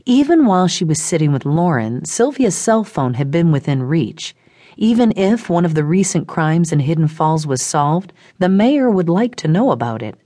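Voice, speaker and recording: Brief: woman audiobook narrator, low pitch, dry studio sound. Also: big pitch swings, a little slow, warm tone, no room sound. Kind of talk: scripted narration.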